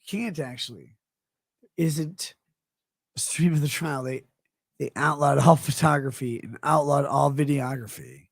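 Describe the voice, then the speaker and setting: A middle-aged man livestreaming, reading chat comments aloud in a slurred, rambling way that swings between mumbles and loud outbursts. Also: fairly high pitch, measured pace, no echo, studio quality. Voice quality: gravelly. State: drunk.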